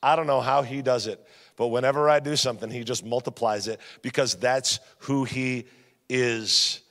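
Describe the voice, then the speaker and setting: A guest pastor preaches a sermon in a church sanctuary, the hall's long reverb trailing his words. At a moderate pace, he tells stories and repeats refrains, his energetic delivery swinging between loud, punchy emphasis and quiet, low-spoken lines.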